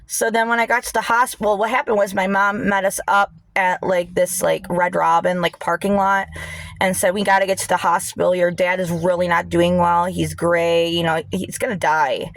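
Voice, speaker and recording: A woman's voice: fairly low pitch, flat delivery, moderate pace, no echo. A young woman telling a painful personal story to the camera, emotional and fighting back tears, with many fillers. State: tearful. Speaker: vlogger. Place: indoors, people nearby.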